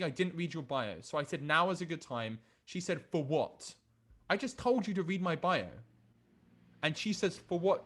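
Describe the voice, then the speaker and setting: A man's voice: fairly high pitch, a bit bright. A man teaching a dating class, blunt and profane, often stumbling and restarting his sentences. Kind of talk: live online class, reading chat aloud.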